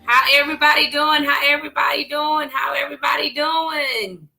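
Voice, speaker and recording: A woman's voice: sits high, steady tone, normal speed, vocal fry, bright, forceful tone, soft background music. A woman co-hosting a church live-stream show, chatting casually and teasingly greeting viewers by name.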